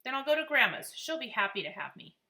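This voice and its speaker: Woman playing sulky big brother, snappy, exasperated, bright voice. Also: high-pitched, sing-song, fast, voice pushed up, exaggerated voice. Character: grumpy older brother, sulky preteen boy.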